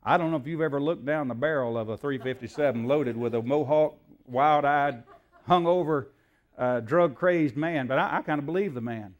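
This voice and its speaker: A man's voice: on the high side, moderate pace, highs cut off. A man, a preacher telling a story in a sermon in a folksy way, acting out the dialogue, with frequent fillers.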